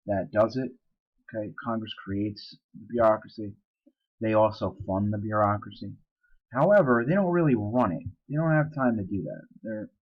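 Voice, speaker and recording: Casual low-voiced male teacher. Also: lo-fi sound. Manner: casual, explanatory, with fillers and asides. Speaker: social studies teacher. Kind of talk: recorded lecture.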